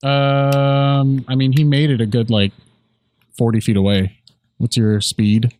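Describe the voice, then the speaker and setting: A man's voice: mid-range voice, little pitch movement, unhurried, darkish tone, no echo, clean studio sound. Hesitant male game master. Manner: hesitant, full of fillers. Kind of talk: narrating a tabletop game.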